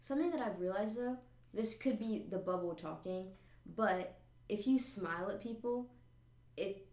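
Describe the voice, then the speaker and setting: A woman with a mid-range voice hosts a podcast in relaxed interview chat. She mostly gives short affirmations, then offers her own view. Her voice carries an echo from the room. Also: mid-range voice, normal speed. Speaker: podcast host. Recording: echoey room.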